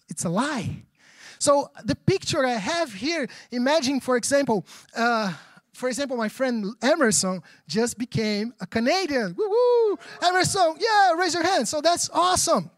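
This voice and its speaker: A man who speaks English as a second language, preaching a sermon as pastor in a lively, conversational way, often checking in with the congregation. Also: extremely high pitch, no room sound, clean studio sound. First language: not English. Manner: animated, conversational preaching with frequent audience check-ins.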